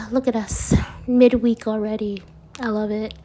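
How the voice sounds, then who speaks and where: Laid-back lady reading affirmation cards real slow, kinda high voice, lots of laughs. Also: flat delivery, dark tone. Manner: laid-back, laughs often, slangy asides; reads cards slowly and deliberately. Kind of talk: casual chat.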